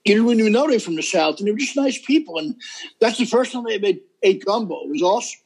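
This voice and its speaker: Middle-aged man, high-pitched, husky, emphatic, rambling interview guest. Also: lively intonation, quick pace, darkish tone, low-quality recording. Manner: emphatic, rambling, seeks agreement. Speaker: guest, comedian and impressionist. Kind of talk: casual interview chat.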